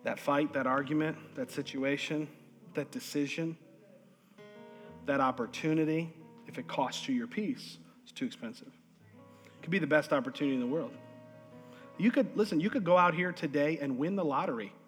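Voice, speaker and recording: A man's voice: fairly high pitch, moderate pace, pauses often, soft background music. Emphatic preacher man in an echoing hall. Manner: emphatic preaching with repeated words and calls of amen; dynamic delivery swinging between loud emphasis and hushed asides. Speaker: pastor. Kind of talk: sermon. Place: church sanctuary. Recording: long reverb of a large hall.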